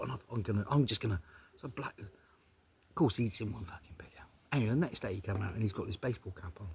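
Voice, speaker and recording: A man doing stand-up comedy, telling a holiday story in an animated way and acting out other people's lines. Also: on the low side, fast talker, vocal fry, husky.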